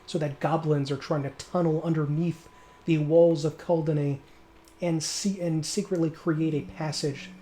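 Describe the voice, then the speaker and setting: A man's voice: a little high, steady tone, unhurried, mellow, slight background noise. A man casually commenting on his gameplay in a chatty, rambling way, often correcting himself. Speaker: let's play host.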